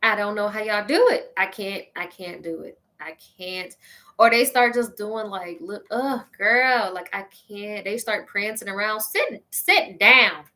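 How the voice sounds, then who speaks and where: Her voice is medium in pitch and a bit slow as she hosts her show. She gives listeners a casual, sassy comedic rant, petty and animated, and keeps breaking into laughter.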